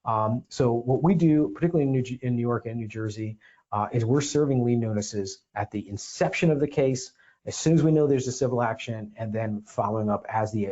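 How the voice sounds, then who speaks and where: A man's voice: mid-range voice, warm tone, highs cut off. A man hosting a legal explainer podcast, talking emphatically with sarcastic asides. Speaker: podcast host and defense attorney.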